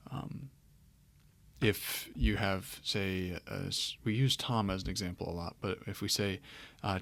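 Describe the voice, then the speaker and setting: A man with a low, gravelly voice gives a relaxed grammar lesson. He explains step by step and pads his sentences with fillers. The sound is dry and close, with no room echo. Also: slow pace. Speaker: Greek grammar teacher. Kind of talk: screen-share lecture.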